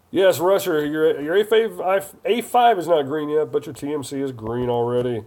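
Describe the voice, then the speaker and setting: A man's voice: on the high side, lively intonation, moderate pace, darkish tone. A man hosting a casual live stream, chatty and jokey as he reads viewer comments aloud.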